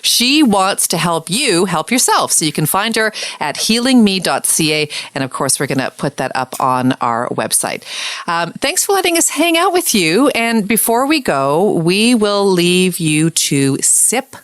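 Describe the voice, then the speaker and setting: A woman co-hosting a casual podcast, bubbly and quick to laugh as she chats and wraps up the episode. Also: on the low side, no echo. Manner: bubbly, laughs often, animated. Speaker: podcast co-host.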